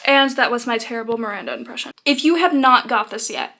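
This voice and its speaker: A woman's voice: on the high side, quick pace, few pauses, pushed and bright. A teenage girl with a bubbly, sarcastic, chatty manner, reviewing books in a casual vlog. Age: teens. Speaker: video blogger.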